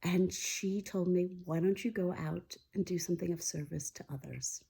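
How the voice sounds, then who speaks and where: A woman with a mellow, warm voice and a gravelly edge talks straight to camera in a casual, heartfelt way. She hosts a weekly mindfulness segment and speaks openly and candidly about her feelings, confiding in her listeners. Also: lowish voice, moderate pace. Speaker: host of a weekly mindfulness talk.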